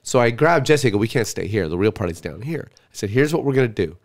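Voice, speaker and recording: A man's voice: medium pitch, lively intonation, fast. A middle-aged man, a comedian, telling a story casually and acting out the quotes. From Canada. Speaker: comedian guest.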